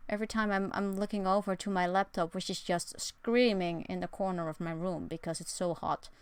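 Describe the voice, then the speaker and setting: A woman's voice: on the low side, fairly even intonation, brisk, clean tone, no echo. A young woman streaming from her bedroom, chatting casually with a rambling, sarcastic and self-mocking manner. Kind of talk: casual live-stream chat.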